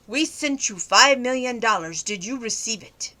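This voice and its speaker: A pushy male phone scammer, as a woman quotes him while telling a story. He speaks in short, clipped, demanding lines and gets irate. The voice stays fairly bright. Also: on the high side, animated, moderate pace.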